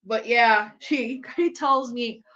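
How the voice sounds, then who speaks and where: A woman speaks slowly in a fairly high, pushed, bright voice while hosting a live stream. She chats casually about the game she's watching, rambling, laughing often, and swearing freely, all in a dull lo-fi recording.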